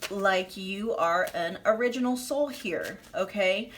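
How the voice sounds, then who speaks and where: A woman reads tarot cards for her viewers, gushing and emphatic. Her voice sits at an ordinary pitch, and a faint hiss runs under the recording. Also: slow, hardly any pauses, fairly bright tone. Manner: effusive, emphatic, with frequent fillers and laughter. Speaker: tarot reader. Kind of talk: pick-a-card tarot reading.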